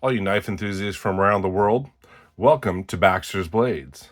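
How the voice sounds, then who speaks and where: A man's voice: sits low, moderate pace. A man hosting his own knife channel, reviewing a pocketknife in a laid-back, chatty way with playful theatrical asides. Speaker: knife collector and channel host. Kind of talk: casual knife review vlog.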